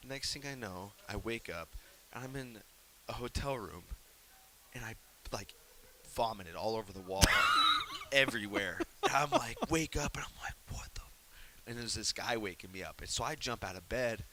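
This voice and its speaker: A man telling a story in a casual interview, animated and laughing, acting out quotes in hushed whispers. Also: fairly low pitch, normal speed. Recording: faint hiss.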